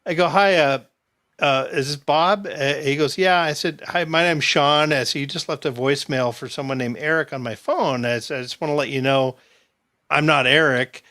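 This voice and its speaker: A man's voice: a little high, moderate pace. A man casually telling a long anecdote to friends, acting out what people said and laughing often. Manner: animated storyteller, acts out quotes, laughs often. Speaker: podcast host. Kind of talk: casual storytelling chat.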